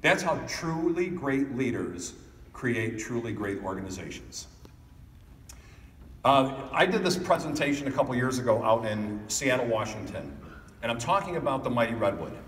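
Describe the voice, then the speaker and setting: A man's voice: mid-range voice, normal speed. A man giving a motivational keynote speech at a conference, telling stories and speaking straight to the audience. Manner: animated storytelling, addressing the audience directly. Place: conference hall. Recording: echoey hall picked up from a distance.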